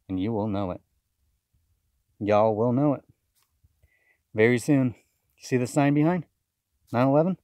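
A man's voice: mid-range voice, darkish tone, dry recording. A man giving a fiery, accusatory video sermon, often repeating words as he rants. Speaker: self-styled preacher. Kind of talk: impassioned video sermon rant.

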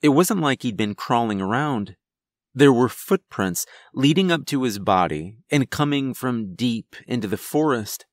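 A man narrating a first-person horror story in a measured storytelling manner. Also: mid-range voice, animated, no echo, studio quality.

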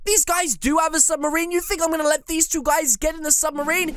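A woman hosting gameplay commentary, animated and playfully bossy, with teasing insults. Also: sits high, fast talker, hardly any pauses. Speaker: YouTube gameplay host. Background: faint music.

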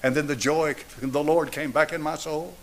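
A pastor in his seventies preaches with a slightly raised voice. He hammers phrases through repetition and drops from a forceful pitch to near-hush as he pleads with the congregation. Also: steady tone, moderate pace. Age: 70s. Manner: emphatic, repetitive preaching cadence; swings between raised and hushed delivery. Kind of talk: sermon with altar call.

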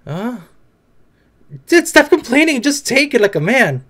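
A man with a fairly high voice reacting to anime in loose, casual commentary. He talks excitably, swears freely and blurts out his reactions. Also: a little slow. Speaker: anime reaction video creator.

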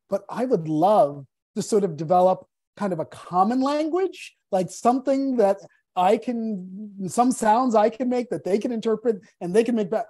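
A woman speaking as a guest on a live panel, telling stories in an animated, playful way. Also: mid-range voice, slightly rough, no echo.

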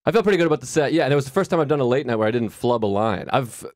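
A man's voice: medium pitch, expressive, rapid-fire, a little mellow, no echo, clean studio sound. A man, a comedian guest on a talk show, telling stories with self-deprecating humor and laughs. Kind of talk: casual talk show interview.

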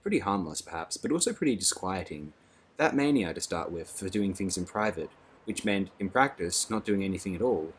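A man narrating an audiobook in a measured, dry reading. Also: deep voice, animated, breathy edge.

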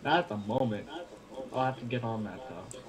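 A young man speaking with a put-on Russian accent, trading deadpan jokes as a guest in a casual chat. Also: mid-range voice, normal speed, crowd noise. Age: young adult.

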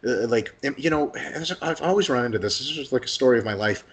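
Fast-talking man, animated and profane. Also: medium pitch. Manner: fast, animated, profane, acts out imagined dialogues. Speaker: guest, hypertrophy coach. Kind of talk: casual podcast interview.

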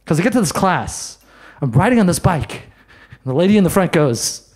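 A man doing a stand-up set in a comedy bar, brash and self-mocking, with quick asides to the crowd. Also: sits high, animated, a little mellow. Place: comedy bar in front of a live audience.

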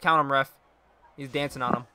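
A young man streaming a wrestling video game live, chatting casually, laughing a lot and yelling at the game. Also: mid-range voice, brisk, crowd noise. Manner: excitable, laughs often, yells at the game. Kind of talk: live gameplay commentary.

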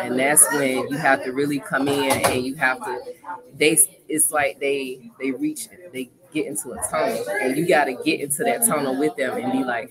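A deep-voiced woman talks as a doula guest, earnest and heartfelt, and often repeats her words. Loud crowd chatter runs behind her. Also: fairly even intonation, normal speed, poor audio. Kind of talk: conversational interview.

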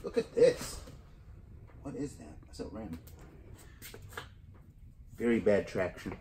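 In a casual chat to camera, a vlogger sorts through a storage unit, joking around and thinking out loud. His voice is fairly low with lively intonation and a slow pace, and the recording carries a little hiss or hum.

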